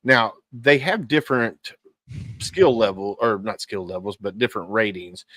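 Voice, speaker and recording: A man in his forties, a veteran guest talking casually in an interview, halting and repeating words with many fillers. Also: on the low side, fairly bright tone, no room sound. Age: 40s.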